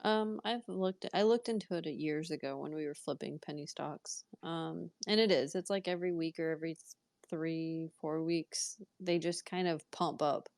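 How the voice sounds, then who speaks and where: A woman hosting a podcast, chatting in a relaxed, hesitant way. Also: deep voice, moderate pace, vocal fry, no room sound, clean studio sound. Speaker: host. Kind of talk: casual chat.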